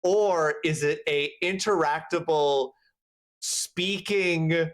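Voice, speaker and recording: Halting, laughing male stream host. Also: fairly high pitch. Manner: laughs often, halting restarts. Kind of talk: casual livestream chat.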